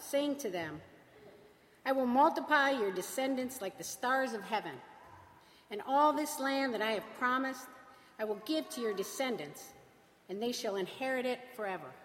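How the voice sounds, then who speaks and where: A woman reading scripture aloud in a church service, measured and formal. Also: on the high side, fairly bright tone. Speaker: scripture reader. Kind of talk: liturgical reading. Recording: echoey large hall.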